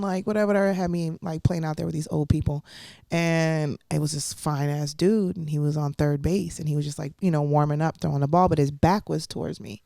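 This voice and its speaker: A woman's voice: sits low, fast talker, gravelly, warm tone, dry recording, studio quality. A young woman comedian, a guest telling a story in a casual interview, blunt and profane, often laughing and acting out the voices of people in it.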